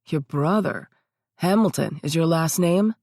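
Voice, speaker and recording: A woman reading the lines of a protective male biker, blunt and gruff with hard swearing. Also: on the high side, a little slow, darkish tone, no echo, studio quality.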